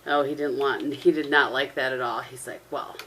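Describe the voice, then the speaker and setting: A woman's voice: rumbling low, steady tone, brisk, fairly bright tone, a little hiss or hum. A middle-aged woman chatting casually to her camera at home, rambling through stories and laughing often. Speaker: vlogger. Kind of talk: casual vlog chat to camera. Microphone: camera propped on a tissue box.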